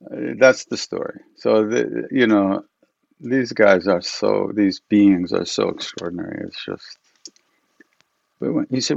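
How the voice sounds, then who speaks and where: A man who leads chanting, telling stories in a relaxed, rambling way with frequent laughs, from his home for an online event. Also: fairly low pitch, measured pace, gravelly, no room sound, muffled recording. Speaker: chant leader. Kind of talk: casual storytelling to an online audience. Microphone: computer mic for an online event.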